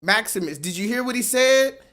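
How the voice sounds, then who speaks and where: A male host giving a profane, emphatic, animated commentary rant. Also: high-pitched, a little fast. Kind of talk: ranting commentary.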